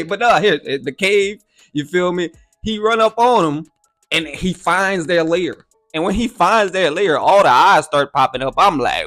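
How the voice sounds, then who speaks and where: Man, casual anime reaction, slangy and animated, fairly high voice, swooping pitch, faint music behind. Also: a little slow. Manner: slangy, animated, repeats "you feel me".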